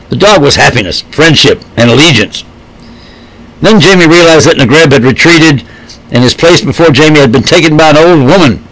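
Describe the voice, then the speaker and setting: A man narrating a storybook in a steady, measured reading voice. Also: fairly high pitch, gravelly, low-quality recording.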